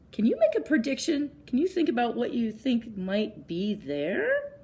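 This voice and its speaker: Gentle, lively woman reading to children. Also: on the high side, a little slow. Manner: gentle, asks children questions. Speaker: children's librarian. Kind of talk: children's story time read-aloud.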